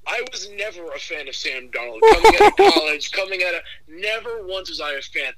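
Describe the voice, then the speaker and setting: A man calling in as a guest to a sports podcast, giving opinionated, animated takes with frequent restarts. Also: sits high, a little fast, over a noisy crowd, rough recording. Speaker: caller, guest fan. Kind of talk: casual sports talk.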